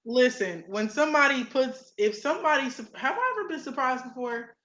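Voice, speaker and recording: A young woman co-hosting a casual chat show, telling a story in an animated way and laughing often. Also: high voice, brisk, reverberant, heavy background noise. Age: young adult. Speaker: co-host.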